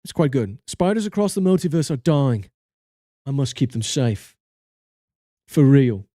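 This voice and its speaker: A man's voice: mid-range voice, sing-song, measured pace, dark tone, dry recording, clean studio sound. A man talking casually to his livestream chat, goofy and joking as he reviews game cards.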